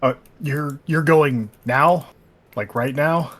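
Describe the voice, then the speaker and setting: Higher-voiced joking player man. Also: slow pace. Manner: chatty, joking. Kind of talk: casual tabletop game chat.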